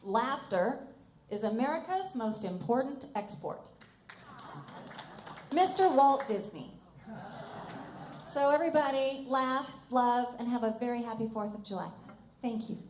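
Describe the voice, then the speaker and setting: Slow-talking woman singer on stage. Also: fairly high pitch, expressive, darkish tone, slight background noise. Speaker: singer at a concert. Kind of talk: live concert stage remarks. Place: church concert. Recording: echoey live room with music and crowd.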